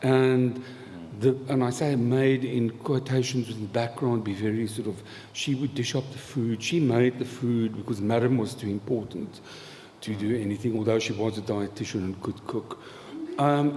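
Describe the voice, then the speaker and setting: A man's voice: medium pitch, a little slow, dark tone. A man telling a rambling, humorous story about his past as a guest on a live festival panel. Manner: chatty, rambling, laughs often, dry humour. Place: festival event hall. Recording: live hall with reverb, faint noise.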